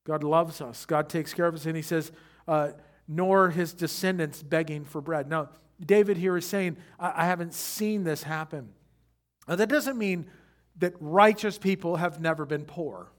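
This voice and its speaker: Man, pastor, sermon, fairly high voice, questions for the congregation, quiet to emphatic. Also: normal speed. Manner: builds from quiet reflection to loud emphatic preaching; addresses the congregation directly with questions.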